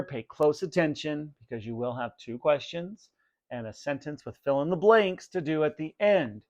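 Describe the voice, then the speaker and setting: A man in the role of a teacher, giving students instructions and then reading a spooky storybook aloud in a plain, steady way. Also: on the high side, normal speed. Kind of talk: read-aloud storybook narration.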